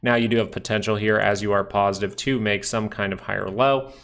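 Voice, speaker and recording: Gravelly low-voiced man reading charts. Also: fairly even intonation, fairly quick, a bit bright. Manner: casual, thinking aloud over charts. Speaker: stock market streamer. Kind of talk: live stock chart commentary.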